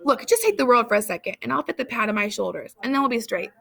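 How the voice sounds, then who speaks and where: A woman reading aloud, voicing a brash, impatient young male strongman who shouts and uses casual slang. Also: on the high side, animated, fast, vocal fry, heavily acted. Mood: cocky.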